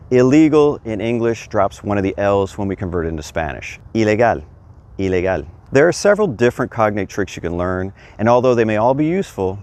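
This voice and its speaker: A man's voice: lowish voice, a little mellow, a little hiss or hum. A man teaching a video language lesson outdoors, upbeat and explanatory, spelling out letters as he goes. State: sweating in the heat. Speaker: Spanish teacher. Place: outdoors in hot weather.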